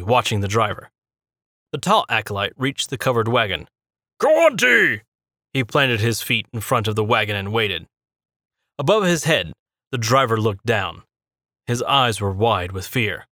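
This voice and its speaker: Bright, dry-voiced male narrator. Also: medium pitch, no echo. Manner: steady, measured reading. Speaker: audiobook narrator. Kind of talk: scripted fantasy narration.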